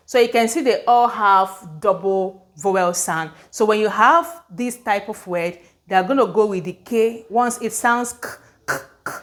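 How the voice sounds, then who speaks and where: A woman's voice: medium pitch, fairly bright tone. A woman teaching English spelling, explaining patiently, sounding out words and often checking that her students follow. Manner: explanatory, repeats words slowly, checks understanding. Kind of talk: spelling lesson at a board.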